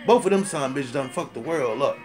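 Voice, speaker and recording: Over music, a man with a mid-range voice tears through a brisk comic rant to camera. The storyteller is animated, profane and rambling, repeating himself for emphasis as he builds to loud, indignant outbursts.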